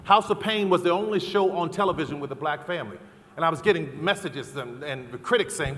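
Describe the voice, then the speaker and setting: A middle-aged man giving a fervent, preacherly convention speech, building to loud repeated calls. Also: a little high, a little fast. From American South. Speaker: keynote speaker. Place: large convention hall. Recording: long hall reverb.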